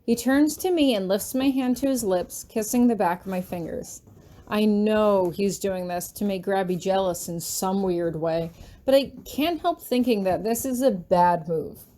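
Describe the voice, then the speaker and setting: Woman narrator for a read-aloud story, first person, warm mellow voice, steady and even. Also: medium pitch, a little slow. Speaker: fanfiction reader.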